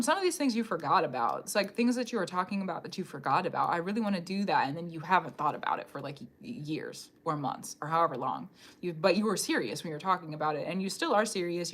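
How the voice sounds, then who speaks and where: A woman giving a live-streamed psychic reading from a room at home, talking straight to the viewer in a loose, rambling, animated way. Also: on the low side, quick pace. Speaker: tarot reader.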